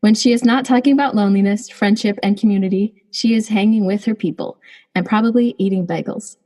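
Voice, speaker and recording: A woman's voice: mid-range voice, brisk, mellow. A woman in her thirties hosting a podcast, chatting casually with a giggly, restarting way of talking. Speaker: podcast host.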